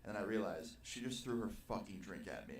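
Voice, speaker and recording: A man's voice: lowish voice, fast. Young man telling a wild party story. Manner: animated, profane storytelling. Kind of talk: casual storytime vlog. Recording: roomy, distant video playback with faint noise.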